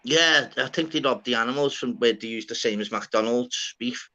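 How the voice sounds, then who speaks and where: A man's voice: mid-range voice, moderate pace, sharp tone. A Scouse man from Liverpool, around his forties, telling blunt, sweary stories in casual panel banter. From Liverpool, England. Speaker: panel guest. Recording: lo-fi sound.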